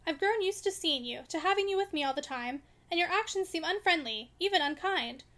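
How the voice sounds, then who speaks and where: A woman's voice: extremely high pitch, lively intonation, brisk, a bit bright. A woman voicing a restless young wife in an audiobook reading, indignant and pleading in turn. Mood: hurt. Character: restless young wife, hurt and sharp-tongued.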